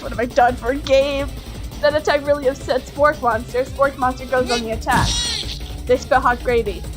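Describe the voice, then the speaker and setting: A woman reading a dating game's text aloud as she plays, excitable and quick to laugh, with mock outrage. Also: high voice. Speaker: gaming streamer. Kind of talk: let's play commentary, reading game text aloud.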